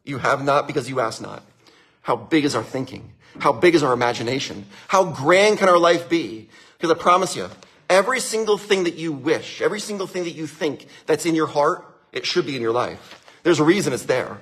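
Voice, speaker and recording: Guy with a highish husky voice doing a pumped-up motivational talk, says stuff twice, laughs a lot. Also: expressive, fairly quick, a bit bright. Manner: enthusiastic and repetitive, laughing often. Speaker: winery owner giving a motivational talk.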